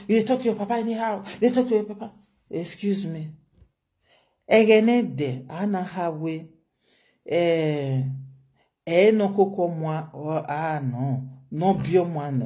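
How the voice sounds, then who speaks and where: A woman's voice: fairly low pitch, warm tone. A woman with a Nigerian accent giving an emphatic commentary monologue as a vlogger, firing off rhetorical questions.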